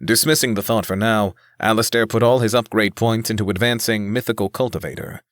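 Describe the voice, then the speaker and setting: A man narrating a fantasy audiobook in a steady, even reading. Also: lowish voice, brisk, no echo, studio quality. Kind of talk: scripted narration.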